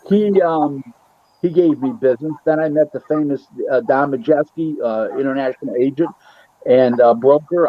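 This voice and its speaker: Boxing matchmaker, male, from Buffalo; lively interview storyteller who acts out dialogue, on a dry and muffled line. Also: mid-range voice, no room sound. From Buffalo, New York. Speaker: boxing matchmaker and booking agent. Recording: dull, lo-fi, dry sound.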